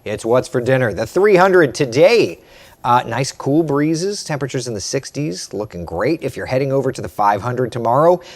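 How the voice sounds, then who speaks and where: A man's voice: mid-range voice, expressive, moderate pace. Chatty male weather host. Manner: chatty, reads viewer comments aloud. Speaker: meteorologist host. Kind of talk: casual livestream chat.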